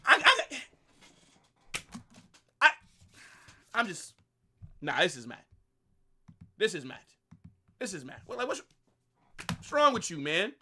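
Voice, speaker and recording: A young man, reacting live to a football match in excited, exasperated rants full of swearing and repeated phrases. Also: sits high, takes it slowly, long pauses, a little hiss or hum. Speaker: football watch-along streamer.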